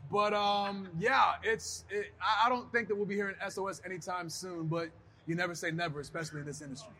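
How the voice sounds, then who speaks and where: Man, high bright voice, animated interview guest who slips into voices mid-story. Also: brisk. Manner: animated, acts out voices in his stories. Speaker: guest, pro wrestler.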